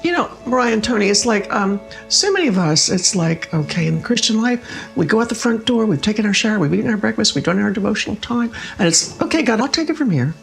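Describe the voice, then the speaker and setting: An older woman, a guest, telling personal stories in an expressive conversational way and acting out the words she quotes. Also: mid-range voice, quick pace, vocal fry, faint music behind. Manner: expressive, acts out quoted speech. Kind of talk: conversational storytelling.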